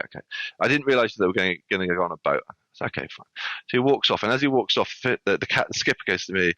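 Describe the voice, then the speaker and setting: A man's voice: fairly low pitch, expressive, quick pace, sharp tone, no echo. A man, a restaurant guest on a podcast, telling a funny story animatedly with lots of restarts. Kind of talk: casual storytelling. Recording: dull lo-fi sound.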